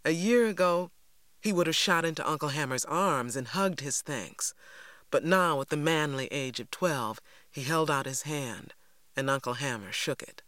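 A man's voice: on the high side, moderate pace, a bit bright, no room sound. Man reading a storybook aloud. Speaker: audiobook narrator. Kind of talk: first-person storybook narration.

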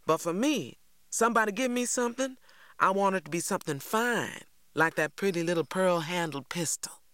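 A man's voice: animated, pushed and bright, dry recording, studio quality. A man voicing a sly, mocking boy who taunts. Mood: needling. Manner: taunting, quick, high and wheedling.

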